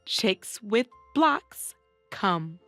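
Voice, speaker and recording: A woman's voice: mid-range voice, sing-song, extremely slow, fairly bright tone, faint music behind. A woman leading a reading lesson for young children, prompting them and praising their answers encouragingly.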